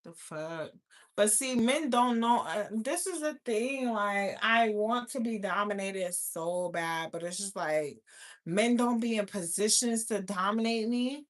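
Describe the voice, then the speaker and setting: On her YouTube channel, a young woman chats casually during a livestream, loud-mouthed and profane, laughing frequently. She has a medium-pitched voice with lively intonation and talks a little slowly.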